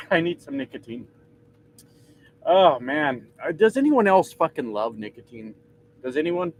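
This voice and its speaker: Profane joking truck driver on a livestream. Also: male voice, on the high side, sing-song, slow, long pauses, slight background noise, low-quality recording. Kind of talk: casual live chat reading comments. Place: truck cab.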